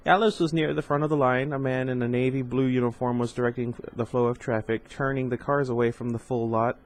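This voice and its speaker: A man reads a novel aloud informally, dropping in casual asides and stumbling over difficult words. His voice is medium-pitched with fairly even intonation and a brisk pace, and the audio is poor.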